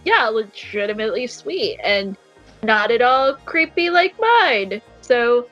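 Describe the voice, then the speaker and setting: A high-voiced woman talks slowly, her pitch swinging widely as she laughs and exclaims. The recording is lo-fi and muffled, with faint music in the background. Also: very animated, a bit bright. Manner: slow, laughing, playfully exclaiming. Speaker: podcast co-host. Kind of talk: casual chat. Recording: dull lo-fi sound, faint music.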